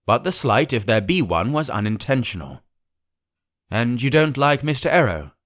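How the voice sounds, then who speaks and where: A man voicing a calm, shrewd gentleman doctor who speaks in measured, reasoning tones. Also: mid-range voice, voice pushed up.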